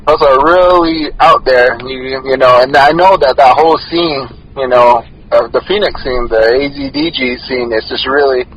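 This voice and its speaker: A man hosting a podcast in casual chat, relaxed and quick with short replies. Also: mid-range voice. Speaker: podcast host. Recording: dull lo-fi sound with faint hiss.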